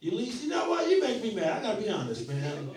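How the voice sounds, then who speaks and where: A man in his forties doing stand-up crowd work, loud and laughing as he riffs with the audience. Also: high-pitched, huge pitch swings, fast talker. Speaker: stand-up comedian. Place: small comedy club. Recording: echoey club from far off, loud laughing crowd.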